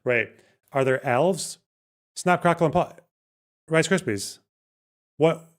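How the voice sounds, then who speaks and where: A man's voice: on the high side, slow pace. A man hosting a livestream, chatting casually and reacting with swearing and restarts. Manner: swearing, incredulous, thinks aloud with restarts. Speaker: livestream host. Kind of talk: casual chat reacting to chat and clips.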